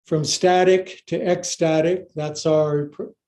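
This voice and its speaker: A man's voice: a little high, steady tone, takes it slowly, a little mellow. A male yoga teacher leading a live-streamed class, cueing poses with playful jokes and sometimes out of breath.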